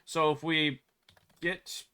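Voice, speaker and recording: A man walks through his game code out loud, pausing, muttering and correcting himself as he goes. His voice sits a little high and sounds bright and forward. He is recorded indoors at his computer. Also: flat delivery, smooth. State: hiccuping. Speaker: game developer. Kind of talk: thinking aloud while working.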